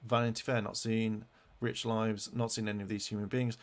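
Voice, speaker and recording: Gravelly man ranting angrily. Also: on the low side, level tone. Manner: heated, swears constantly, halting restarts. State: angry. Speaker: fan vlogger. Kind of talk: angry rant while browsing web pages.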